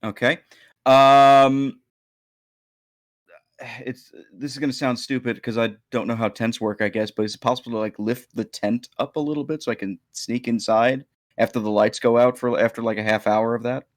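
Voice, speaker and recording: A man's voice: mid-range voice, steady tone, moderate pace, no echo, studio quality. A man playing in a tabletop game, chatting casually, hesitant and self-deprecating. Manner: self-deprecating, hesitant, laughs at his own slips. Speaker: player.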